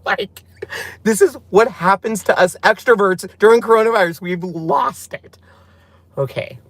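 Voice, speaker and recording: A man hosting a casual live chat from inside his car, excitable and laughing, admitting he is nervous. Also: sits high, unhurried, no echo. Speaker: vlogger hosting a live stream.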